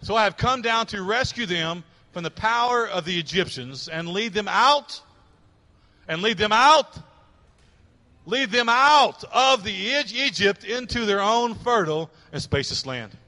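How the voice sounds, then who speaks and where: High, bright-voiced preaching man. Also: lively intonation, unhurried, long reverb tail. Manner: impassioned preaching, swings between hushed and loud. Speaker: pastor. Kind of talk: sermon.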